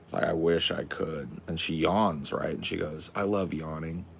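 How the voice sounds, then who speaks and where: A very deep, gravelly young man chats loosely with his stream, slangy and profane. Faint noise hums under his voice. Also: steady tone, moderate pace. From Pacific Northwest. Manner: laid-back, slangy, swears a lot. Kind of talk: casual livestream chat.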